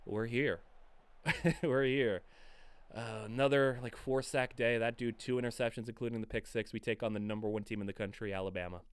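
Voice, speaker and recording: A hoarse young man giving excited commentary over a football video game, yelling at big plays and muttering between them. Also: fairly low pitch, quick pace, few pauses, no room sound. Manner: yells and groans over plays, swings from hoarse mutter to shouting. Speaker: gaming YouTuber.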